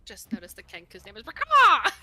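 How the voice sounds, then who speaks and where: An excitable woman player at a tabletop game who laughs easily. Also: high-pitched, slightly rough. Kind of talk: casual chat at a game table.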